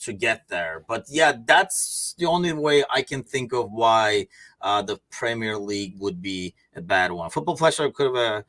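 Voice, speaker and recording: A man's voice: fairly low pitch, expressive, moderate pace, sharp tone. A man hosting a casual sports podcast, rambling and laughing easily between points. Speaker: podcast host.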